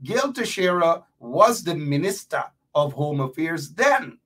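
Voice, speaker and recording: Fiery high-voiced man, off-mic. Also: big pitch swings, a little slow, a bit bright. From Guyana. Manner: fiery and mocking, with rising emphatic lists. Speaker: guest. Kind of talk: heated talk show call. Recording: voice a bit far from the mic.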